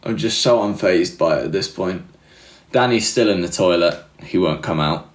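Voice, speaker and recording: A man's voice: sits low, moderate pace, roomy sound. A young man hosting a livestream, chatting casually and rambling through self-deprecating stories with laughs. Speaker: livestream host. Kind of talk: casual chat reading live comments.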